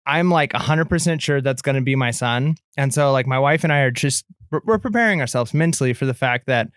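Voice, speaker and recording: A man's voice: medium pitch, a little fast, fairly bright tone, clean tone, no room sound, clean studio sound. A man in his thirties co-hosting a podcast, chatting casually and telling a long story with many fillers and restarts. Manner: rambling, lots of filler and restarts. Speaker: podcast co-host.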